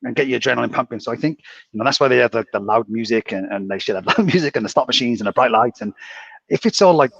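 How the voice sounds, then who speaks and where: A man, a casino dealer, rambling through anecdotes and often clearing his throat. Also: medium pitch, fast, fairly bright tone, dry recording, muffled recording. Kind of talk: casual chat.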